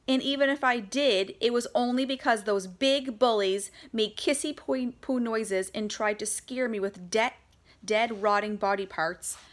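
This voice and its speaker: A woman voicing a spirited, chatty young schoolgirl, bright and quick to protest. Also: on the high side, natural voice. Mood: indignant. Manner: bright, eager, indignant.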